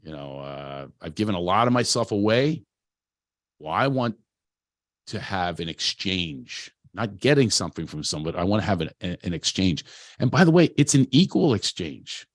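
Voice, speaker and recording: A man's voice: low voice, sing-song, moderate pace, no echo, studio quality. A man who works as a producer gives a candid, self-deprecating motivational talk, telling personal stories loosely with frequent restarts. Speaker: producer and speaker at a talent event.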